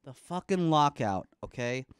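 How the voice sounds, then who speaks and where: A man's voice: on the high side, lively intonation, a little slow, clean tone, no room sound, studio quality. A man in his thirties from the Bay Area, hosting a casual chat show, rambling and joking with some swearing. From Bay Area, California. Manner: rambling, profane, jokey, baby talk to his son. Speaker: podcast host. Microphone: studio microphone.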